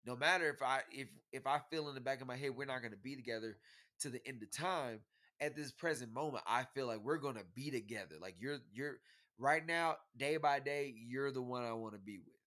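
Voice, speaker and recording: A man's voice: medium pitch, fairly quick, pushed and bright. A young man in a casual couple's debate, arguing hard, talking over his partner and stumbling over repeated words. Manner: argumentative, talks over her, repeats words when cut off.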